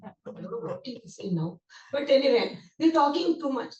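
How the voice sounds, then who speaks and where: A woman's voice: high-pitched, big pitch swings, normal speed, warm tone, dull audio. A woman, a guest speaker animatedly telling emotional memories in a devotional talk. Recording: roomy hall, distant mic.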